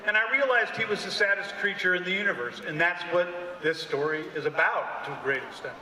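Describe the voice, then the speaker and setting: A man's voice: high voice, crowd noise. A man telling a reflective story as a film director on a convention panel stage. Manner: musing, measured. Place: large convention hall stage. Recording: roomy hall with long reverb, distant mic.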